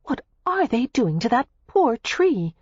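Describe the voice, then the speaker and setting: A woman's voice: a little high, unhurried, husky, no echo, muffled recording, voice pushed up, full character voice. Woman voicing a playful young heiress. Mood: teasing. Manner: teasing, lively.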